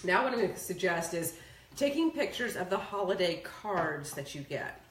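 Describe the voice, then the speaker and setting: A woman's voice: on the low side, normal speed, a little hiss or hum. A woman co-hosting a casual chat, giving organizing tips and telling stories with frequent laughter. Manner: lively, laughs often, animated storytelling. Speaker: co-host. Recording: echoey room, mic at a distance.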